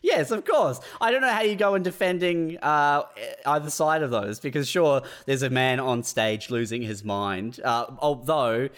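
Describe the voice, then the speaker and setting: A man's voice: medium pitch, normal speed, few pauses, a bit bright. A man co-hosting a podcast, wry and agreeable, chuckling as he talks. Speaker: podcast co-host. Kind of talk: casual comedic podcast chat.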